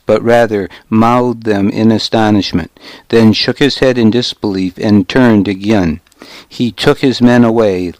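Slow, low-voiced male narrator. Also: darkish tone, dry recording. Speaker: audiobook narrator. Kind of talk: scripted first-person narration.

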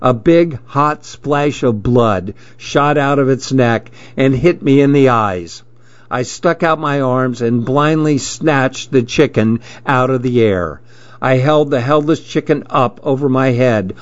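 A man narrating a story in a measured, steady reading voice, in a dull lo-fi recording. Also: medium pitch, no echo.

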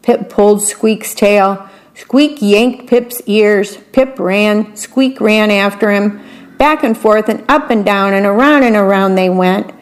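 A woman's voice: medium pitch, slow. A woman reading a picture book aloud, stopping to comment on what each picture shows. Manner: adds chatty commentary on the pictures. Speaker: story reader.

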